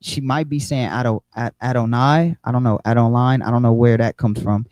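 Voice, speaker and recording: A man's voice: medium pitch, fairly even intonation, brisk, darkish tone, no room sound, rough recording. A man teaching an online Bible study, explaining with frequent restarts and repeated words.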